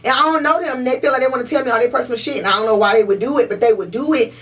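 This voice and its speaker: A woman's voice: on the high side, very fast, fairly bright tone. Fiery young woman, emphatic and profane. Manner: emphatic and profane, repeats points for stress. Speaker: podcast co-host. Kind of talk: casual chat. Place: podcast room. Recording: voice a little distant from the mic.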